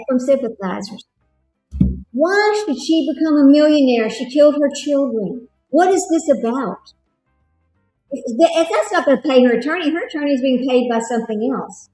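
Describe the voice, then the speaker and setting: A woman's voice: high voice, animated, normal speed, darkish tone, echoey room, soft background music, rough recording. Chatty Texan woman livestreaming. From Texas. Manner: chatty, laughs often, talks to viewers. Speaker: livestream host. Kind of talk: casual livestream commentary.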